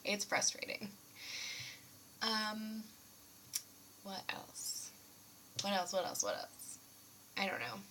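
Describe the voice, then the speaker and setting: A woman's voice: fairly low pitch, fairly bright tone, slight background noise. A young woman in her twenties, rambling casually in a vlog from her dorm room, self-deprecating and sarcastic, laughing often. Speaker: student vlogger.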